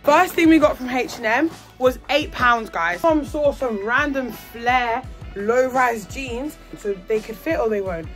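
A woman's voice: on the high side, lively intonation, unhurried, fairly bright tone. A teenage girl from England chatting casually and bubbly through a shopping haul vlog. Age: teens. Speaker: vlogger. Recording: faint music in the background.

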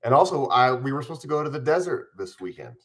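A man's voice: mid-range voice, big pitch swings, fast, a bit bright. A man in his forties hosting a casual live stream from home, chatting upbeat and eating on camera while mildly ill.

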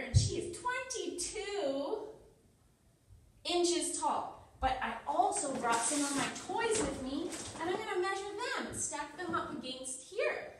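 A woman teaching young children with slow, singsong, coaxing teacher talk. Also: high voice. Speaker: preschool teacher. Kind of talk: online lesson for young children. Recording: echoey room, far from mic, faint noise.

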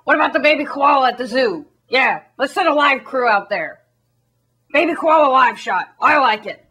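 A woman's voice: high-pitched, lively intonation, sharp tone, husky, full character voice. A woman voicing a pushy news editor who rattles off demands. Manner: brisk, pushy.

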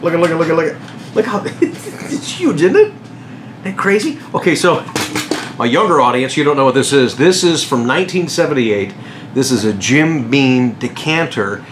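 A man hosting a car vlog at a dealership, chatting in an enthusiastic, casual way with quick asides. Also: mid-range voice, noisy background. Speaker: Corvette salesman and channel host.

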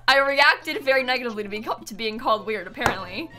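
A woman's voice: on the high side, fast, few pauses, pushed and bright, faint music behind. A young woman chatting on a live stream while gaming, giggly and apologetic, thanking viewers as she plays.

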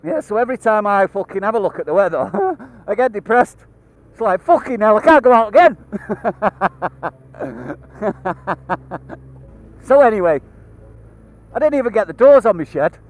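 A man's voice: high-pitched, expressive, measured pace, long pauses, rough recording. A man with a British accent chatting casually to camera as a biker vlogger, laughing often, swearing constantly and rambling between asides. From United Kingdom. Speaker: motorcycle vlogger.

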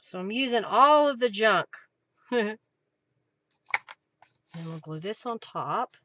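A woman talking her way through a crafting live stream at home, thinking aloud between steps. Her voice is bright and forward, with an easy, chatty flow. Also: mid-range voice, expressive, slow, slight background noise.

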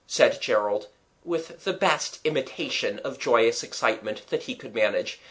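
A narrator reading a children's audiobook in an expressive storytelling manner. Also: mid-range voice, normal speed.

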